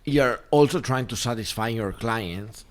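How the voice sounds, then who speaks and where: A man in casual chat, speaking in a measured, thoughtful way with hesitant starts. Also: mid-range voice.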